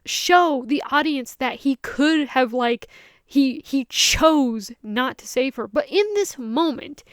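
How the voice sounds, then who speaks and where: High-voiced woman ranting about a film. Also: no echo, studio quality. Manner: animated, ranting, acts out quoted lines. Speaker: movie reviewer. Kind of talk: casual spoken film review.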